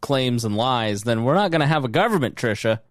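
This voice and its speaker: A man with an average-pitched voice hosts with dry, teasing humor. The sound is dry and close. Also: animated, a little fast, dry recording. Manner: dry, joking. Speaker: host. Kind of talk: casual chat.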